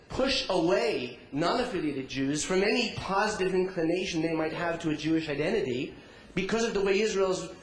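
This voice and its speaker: A man's voice: fairly high pitch, slight background noise. A man from the audience laying out an earnest argument and asking the panel for responses. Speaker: audience member. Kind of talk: audience question at a conference. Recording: echoey conference hall.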